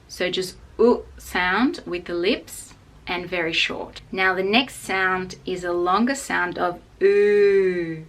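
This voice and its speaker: A woman with an Australian accent teaching English pronunciation, saying each example word slowly and repeating it. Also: on the low side, fairly bright tone. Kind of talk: pronunciation lesson.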